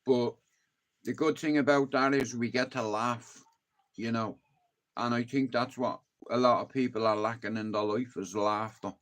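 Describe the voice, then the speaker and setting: A man's voice: mid-range voice, steady tone, moderate pace, fairly bright tone. A man with a Dublin Irish accent chatting casually to his livestream viewers, rambling and swearing freely. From Dublin, Ireland.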